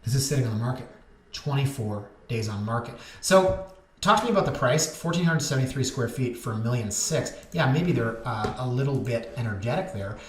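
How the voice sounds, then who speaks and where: Candid real estate guy rambling through listings, roomy echo on the mic. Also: mid-range voice. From Canada. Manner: candid, chatty, digressive. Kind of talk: casual market commentary over listings. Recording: echoey room with faint noise.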